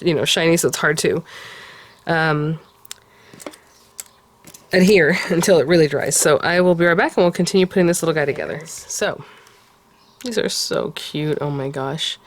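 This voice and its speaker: A woman's voice: fairly low pitch, normal speed. Chatty woman gushing over crafts. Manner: chatty and gushing, often softly cooing over cute details. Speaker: card-making tutorial host. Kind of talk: casual crafting tutorial talk.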